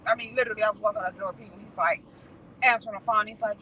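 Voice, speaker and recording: A woman's voice: medium pitch, steady tone, rapid-fire, sharp tone, low-quality recording. Candid woman talking from a moving car. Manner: candid, swearing, laughing, colloquial. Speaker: vlogger. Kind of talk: casual livestream chat. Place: in a car at night. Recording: road noise from a moving car.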